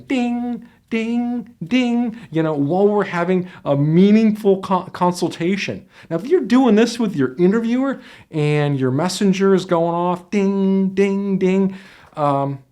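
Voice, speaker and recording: A man's voice: a little high, darkish tone. A man giving casual, conversational advice on job interviews and sometimes demonstrating how voices change as he explains. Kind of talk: instructional talk to camera. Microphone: headset microphone.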